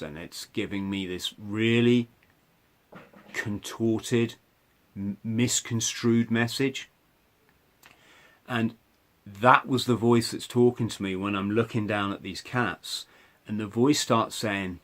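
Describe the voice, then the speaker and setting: A man's voice: medium pitch, unhurried. Man telling a personal story. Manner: conversational, many restarts and "right?" asides. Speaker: podcast host.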